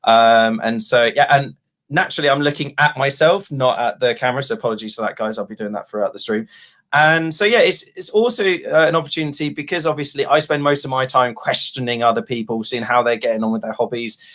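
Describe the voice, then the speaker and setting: A man's voice: mid-range voice, a little fast, a bit bright. A man, a guild founder chatting casually on a livestream, rambling and self-deprecating with many ums. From England.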